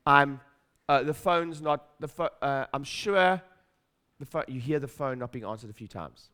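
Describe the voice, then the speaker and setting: Speaking unhurriedly with lively intonation, a middle-aged man gives an emphatic, repetitive motivational talk on stage at a practice-building seminar. His voice is medium-pitched, fairly bright, and clean, and he acts out his doubting inner voice while posing questions to the crowd.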